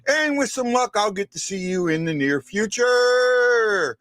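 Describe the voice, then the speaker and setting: A man hosting a casual live-stream sports fan show, talking in a rambling, animated way with frequent restarts. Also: high-pitched, measured pace, no room sound.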